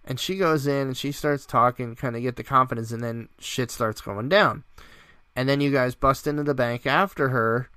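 Bright, clear-voiced man telling a story. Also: mid-range voice, normal speed, dry recording, clean studio sound. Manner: laughs often, animated storytelling. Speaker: podcast host. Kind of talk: casual gaming podcast chat.

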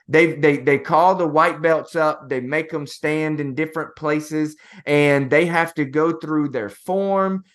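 A man co-hosting a motivational podcast talks slowly and tells a story about his family. His voice sits a little higher than most men's. He speaks casually and keeps calling his co-host "bro".

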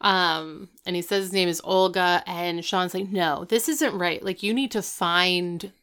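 Low smooth-voiced woman, chatty recap. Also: fairly even intonation, sharp tone. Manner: chatty, retells scenes with quick voiced quotes. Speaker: podcast co-host recapping a show. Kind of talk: casual chat.

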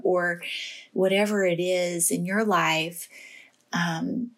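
A woman speaks in an unhurried, gentle way, sharing a devotional reflection. She pauses often and fills gaps with soft ums. Her voice sits a little low and settled. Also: fairly even intonation.

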